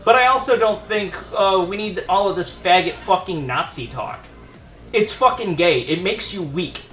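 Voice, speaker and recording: A man's voice: a little high, a bit bright. A man delivering a profane, heated rant as a video host, emphatic and contemptuous, recorded in an echoing room with faint music behind. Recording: roomy echo with faint music.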